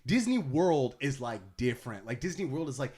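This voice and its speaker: A man's voice: mid-range voice, very animated, normal speed, dark tone, a little hiss or hum. A man, a stand-up comedian guesting on a podcast, telling a long, profane, rambling story and acting out what people said. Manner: rambling comic storytelling, profane, acts out quotes. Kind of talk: casual podcast chat.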